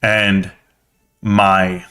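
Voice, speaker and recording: A man's voice: low voice, little pitch movement, very slow, pushed and bright, clean tone. A man hosting a casual live stream, chatting with viewers as a slangy, blunt storyteller.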